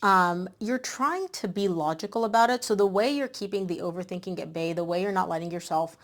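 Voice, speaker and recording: A woman host giving a casual tarot reading, chatty and animated, a bit out of breath. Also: on the low side, a little fast. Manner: chatty, animated, with many "like" and "um" fillers. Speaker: tarot reader.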